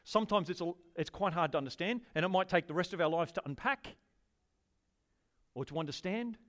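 A man's voice: high-pitched, expressive, brisk, a bit bright. A man preaching a sermon to a congregation, enthusiastic and conversational, often turning questions to the listeners. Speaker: pastor.

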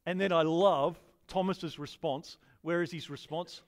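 A man's voice: a little high, fairly even intonation, measured pace. A man preaching a sermon to a congregation, enthusiastic and conversational, often turning questions to the listeners. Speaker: pastor.

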